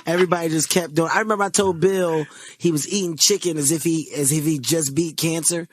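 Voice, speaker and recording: A comedian guest telling a story in casual chat, animated and swearing, acting out other people's lines. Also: male voice, a little high, brisk, dry recording, faint music behind.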